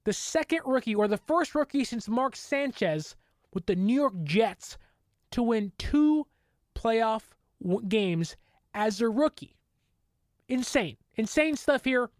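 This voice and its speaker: Woman fan host, excitable and rambling, slightly high voice, dry recording. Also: slow, dry recording. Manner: excitable, rambling fan talk with many fillers; mock voices for quoted people. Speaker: sports podcast host. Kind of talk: casual sports commentary.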